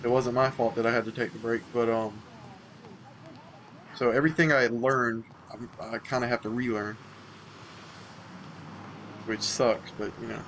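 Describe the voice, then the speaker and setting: A man's voice: mid-range voice, fairly even intonation, normal speed, pauses often, a bit bright, a little hiss or hum, low-quality recording. A young man chatting casually as he plays through a horror game, self-deprecating and chatty. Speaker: let's play host. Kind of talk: casual gameplay commentary.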